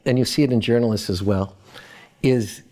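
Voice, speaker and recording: A man from Boston, an academic guest, giving reflective interview answers in a measured, thoughtful way with pauses. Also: medium pitch, dark tone.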